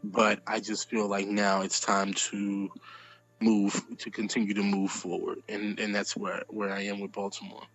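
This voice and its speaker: A man giving a measured, flat personal testimony. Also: on the low side, faint music behind, poor audio. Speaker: interviewee.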